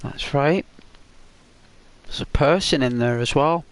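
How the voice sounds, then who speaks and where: A man from the north of England chatting slowly with viewers while he plays a game, in a meandering, relaxed way. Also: mid-range voice, clear, resonant tone. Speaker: gaming streamer. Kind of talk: relaxed live gameplay commentary.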